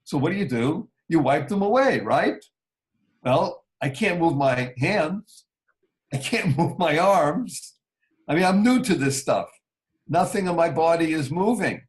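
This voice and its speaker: A man telling a personal story slowly and earnestly as an interview guest. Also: fairly high pitch, expressive, low-quality recording.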